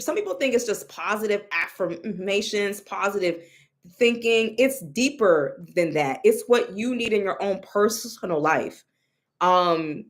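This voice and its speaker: Animated woman telling a story. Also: mid-range voice. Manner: expressive, exclaims and mimics others, many restarts. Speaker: storyteller recounting a reading.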